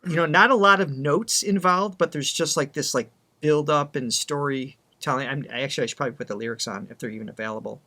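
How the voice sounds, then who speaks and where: Chatty man with a higher voice. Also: fast talker, hardly any pauses, bright, forceful tone. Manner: enthusiastic, chatty, many restarts. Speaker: vocal coach co-host. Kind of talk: casual reaction chat.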